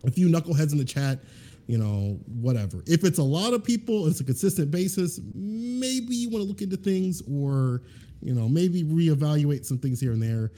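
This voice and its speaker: Brief: male podcast guest, deep, mellow timbre, earnest and rambling delivery, loose chat. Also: lively intonation, normal speed. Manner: rambling, filler-heavy, earnest. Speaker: guest fighting game commentator.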